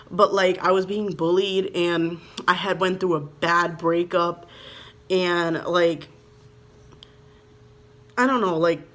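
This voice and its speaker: Speaking straight to her viewers, a young woman from Minnesota rambles through a personal story in a casual vlog, heavy on "like" and "you know" and openly heartfelt. Her voice is a little low and fairly bright.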